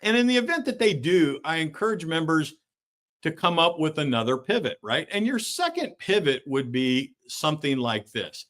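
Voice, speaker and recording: A man's voice: fairly high pitch, big pitch swings, normal speed, a bit bright. A middle-aged man hosting a live online coaching session. He tags his points with "right?" and speaks with many fillers and restarts.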